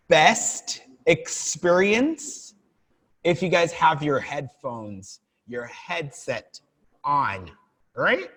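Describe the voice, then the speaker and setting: Teaching a live online English class from a room with a lighting setup, a man encourages his students and drills their pronunciation, filmed on a laptop in a reverberant space. His voice is a little high, pushed and bright, with big pitch swings, and he speaks very slowly with frequent pauses.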